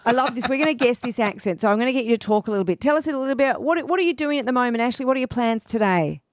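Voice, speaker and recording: A woman's voice: on the high side, lively intonation, very fast, dry recording, clean studio sound. A woman hosting breakfast radio, effusive and chatty with callers. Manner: bubbly, effusive. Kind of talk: casual chat. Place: radio studio.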